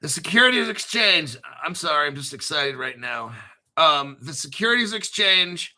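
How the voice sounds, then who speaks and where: Hyped, profane man with bright voice. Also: fairly high pitch, lively intonation, normal speed. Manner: profane, hyped, keeps clearing throat. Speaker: crypto show host. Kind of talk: excitable solo commentary stream.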